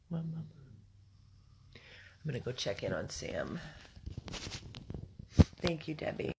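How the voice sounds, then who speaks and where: A worn-out, sad woman on a phone livestream from a dog rescue. She speaks softly, sighs often and gently coaxes the dogs. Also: low-pitched, sing-song, slow pace, vocal fry, pauses often, slight background noise. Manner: soft-spoken, sighing, coaxing the dogs gently. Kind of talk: live-stream chat.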